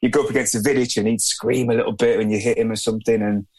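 A man who is a podcast guest, answering in a relaxed, plain-spoken way and often hedging with "I guess". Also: on the low side, racing, breathy edge. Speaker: podcast guest, former footballer. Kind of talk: casual interview answers.

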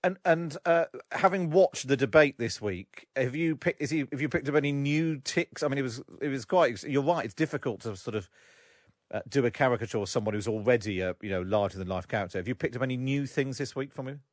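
Brisk male radio presenter, dry studio. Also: medium pitch, no room sound. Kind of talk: radio interview.

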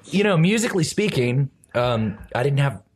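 Man, husky voice, swooping animated pitch, profane rant, casual podcast chat. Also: normal speed. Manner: ranting, profane, emphatic. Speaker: podcast panelist.

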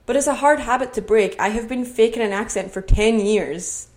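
This young podcast host from Scotland speaks straight to her audience from home, her voice on the high side, a little mellow and at a moderate pace. With a Scottish accent, she talks earnestly and works up to motivational encouragement.

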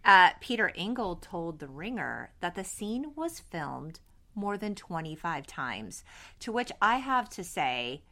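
A woman's voice: on the low side, unhurried. A woman in her thirties co-hosting a podcast, chatting casually and acting out scenes in voices. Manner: animated, acts out scenes in voices. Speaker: podcast co-host. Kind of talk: casual chat recapping a TV episode.

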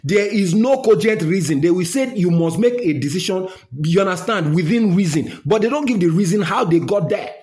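A man's voice: high-pitched, animated, normal speed, few pauses, darkish tone, reverberant. A man with a Nigerian accent delivering an angry, scolding rant, slipping into Pidgin phrases.

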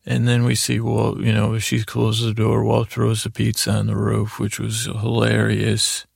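A man hosting a sleep podcast, retelling a show's episode in a meandering, halting way with many fillers. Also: lowish voice, completely flat delivery, creaky, no room sound, studio quality. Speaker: podcast host. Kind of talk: rambling sleep-podcast recap.

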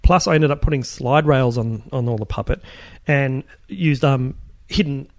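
A man's voice: mid-range voice, normal speed, darkish tone, no echo. A middle-aged man, a guest in a casual interview, rambling with many restarts as he recalls his work. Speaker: guest, film puppet and props builder.

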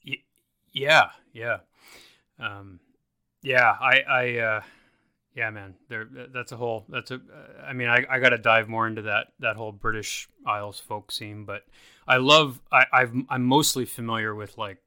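A man's voice: mid-range voice, fairly even intonation, moderate pace, bright, forceful tone, smooth, no room sound, clean studio sound. A man hosting a casual interview, easygoing and agreeable, often stammering and restarting. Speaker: podcast host.

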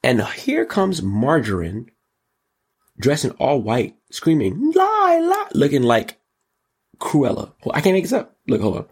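A man hosting a show, giving casual, mocking commentary on pop culture and politics in an animated way. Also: measured pace, breathy edge. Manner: animated, mocking, jumps into high exclaims. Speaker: show host.

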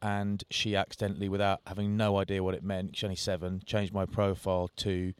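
A man's voice: sits low, completely flat delivery, a little fast, clean tone, no room sound. A middle-aged man co-hosting a podcast, telling self-mocking stories in casual chat. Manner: jokey storytelling, self-mocking. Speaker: podcast co-host.

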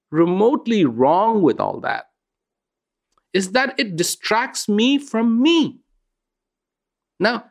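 A middle-aged man giving a reflective inspirational talk, unhurried and storytelling, with sudden lifts in pitch. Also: vocal fry. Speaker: host, speaker.

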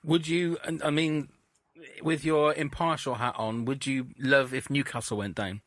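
A man hosting a casual interview, running a quiz in an upbeat, brisk way. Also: mid-range voice, fairly even intonation, a bit bright, no room sound, studio quality. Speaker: host.

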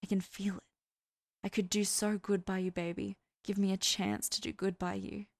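A woman's voice: medium pitch, little pitch movement, moderate pace, darkish tone, no room sound, natural voice. A woman reading as a pleading, eager young man. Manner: pleading, intimate.

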